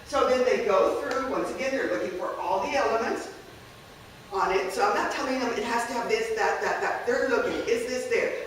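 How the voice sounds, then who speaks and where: A woman's voice: a little high, fairly quick, recorded from a distance. Woman lecturing in an echoey room. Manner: conversational, checks in with "okay?". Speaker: language teacher presenting a workshop. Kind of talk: teaching workshop talk.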